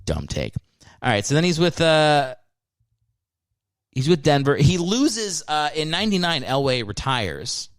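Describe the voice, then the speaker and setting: A man's voice: on the high side, sing-song, measured pace, dry recording. A man hosting a solo comedy podcast, riffing sarcastically with plenty of swearing. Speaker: podcast host.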